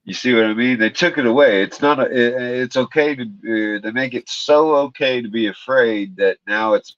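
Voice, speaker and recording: A man's voice: mid-range voice, moderate pace, fairly bright tone. A middle-aged man in casual conversation, talking bluntly about toughness and swearing often. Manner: blunt, tough-love talk with frequent swearing. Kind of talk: casual chat. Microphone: video call. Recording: dull, dry lo-fi mic.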